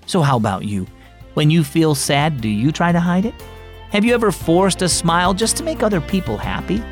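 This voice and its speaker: A man's voice: a little high, expressive, fairly quick, breathy edge, dry recording, studio quality, faint music behind. A man narrating a scripted children's devotional story and speaking directly to young listeners. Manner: warm teaching tone for children.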